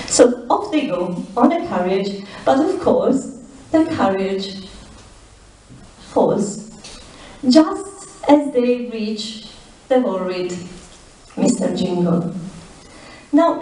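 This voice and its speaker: A woman speaks at a slow, deliberate pace in a mellow voice, retelling a story with emphatic pauses. Her voice rings through a big echoey lecture hall, picked up from some distance away. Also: mid-range voice, big pitch swings. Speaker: literature scholar. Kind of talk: conference talk.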